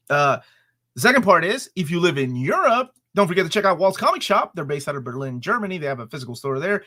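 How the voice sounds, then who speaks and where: Bright-voiced male comics show co-host. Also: a little high, fast talker. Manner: relaxed, enthusiastic, reads sponsor spots. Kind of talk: casual live-stream chat.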